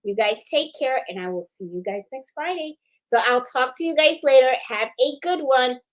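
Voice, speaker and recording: A woman's voice: sits high, normal speed, rough recording. Chatty, laughing woman host. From Puerto Rican family background. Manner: chatty and animated, laughs often, repeats words. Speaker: crafts channel host. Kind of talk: casual live-stream chat.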